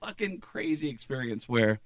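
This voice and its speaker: A male stand-up comedian telling stories in a casual chat, animated and profane, slipping into voices. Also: mid-range voice, normal speed, dry recording.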